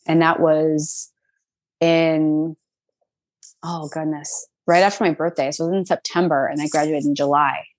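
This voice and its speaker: A woman in her twenties telling a personal story in a casual, animated, chatty way, full of fillers. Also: low voice, moderate pace, dry recording.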